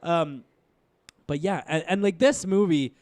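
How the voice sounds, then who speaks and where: A young man co-hosting a casual movie review podcast, animated and swearing freely as he mocks scenes. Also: on the high side, a little fast. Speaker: podcast co-host.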